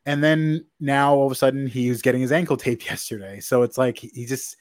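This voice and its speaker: A man's voice: mid-range voice, steady tone, a little fast, no echo, studio quality. A man co-hosting a sports podcast, talking casually with lots of fillers and restarts. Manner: rambling, filler-heavy, self-correcting. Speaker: podcast co-host.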